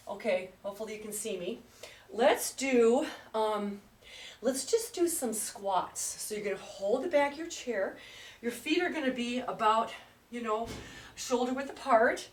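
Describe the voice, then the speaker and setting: A woman fitness trainer leading an exercise class, chatty and upbeat, counting reps aloud and getting out of breath. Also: a little high. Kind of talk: live exercise class instruction. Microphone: camera at a distance. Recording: echoey room, voice far from mic.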